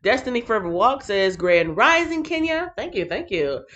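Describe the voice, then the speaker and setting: A woman's voice: on the high side, big pitch swings, moderate pace, a bit bright. A woman hosting a casual Bible reading livestream from her phone, greeting viewers by name and recapping chapters playfully. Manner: playful, reads chat comments aloud, sings and laughs.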